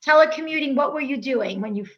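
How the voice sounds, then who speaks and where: High-pitched, expressive, fast, and a bit bright, this woman with an American accent from the United States hosts a casual podcast interview. She's chatty and gushing, peppering her speech with fillers and restarts, and the recording sounds dull and lo-fi.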